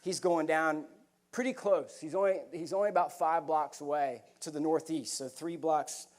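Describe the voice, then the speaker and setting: A middle-aged American man giving a speech, telling a vivid, animated story from the stage to a live audience. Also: fairly high pitch, moderate pace. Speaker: keynote speaker.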